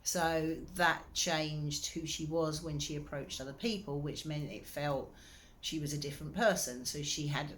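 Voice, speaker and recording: A woman's voice: low voice, measured pace, a bit bright, slight background noise. A woman coach talking straight to the listener with earnest, encouraging advice, with a slight irritation in her throat. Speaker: wellbeing coach. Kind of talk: direct-to-camera advice talk.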